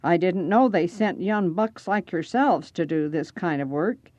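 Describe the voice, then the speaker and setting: A woman putting on a raspy, gruff old man. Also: fairly low pitch, a little slow, darkish tone, no room sound, close to an everyday voice.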